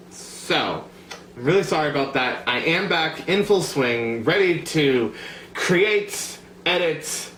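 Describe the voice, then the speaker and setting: A man's voice: fairly high pitch, fairly bright tone, a little hiss or hum. A young man from the United States vlogging to camera in a chatty, rambling way, full of fillers and asides. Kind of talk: casual talk to camera. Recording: echoey room, faint background ambience.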